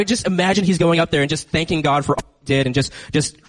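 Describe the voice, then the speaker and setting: Animated man preaching on a handheld mic. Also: a little high, quick pace, few pauses, no room sound, rough recording. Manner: animated, conversational, addresses listeners directly. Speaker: youth preacher. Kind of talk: lively sermon with acted-out scenes. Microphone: handheld microphone.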